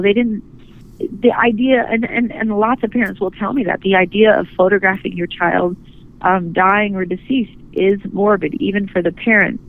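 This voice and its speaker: A woman guest, a photographer, speaking earnestly and gently in a phone interview, often restarting her sentences. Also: mid-range voice. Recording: tinny phone line.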